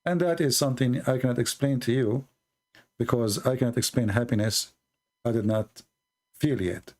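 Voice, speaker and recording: A man explaining his faith to a caller in a slow, deliberate, preaching manner. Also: mid-range voice, a little mellow. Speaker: Christian apologist answering a caller. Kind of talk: earnest religious explanation.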